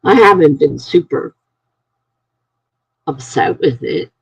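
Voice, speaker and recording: A woman hosting a casual live stream from her apartment, telling long rambling stories to her viewers in an animated way. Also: deep voice, takes it slowly, creaky, husky, no echo, rough recording.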